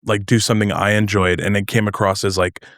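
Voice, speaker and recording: A man's voice: on the low side, flat delivery, a little fast, fairly bright tone, no echo, studio quality. A young man from North New Jersey, a comedian guest chatting casually on a podcast, rambling and hesitant with many fillers.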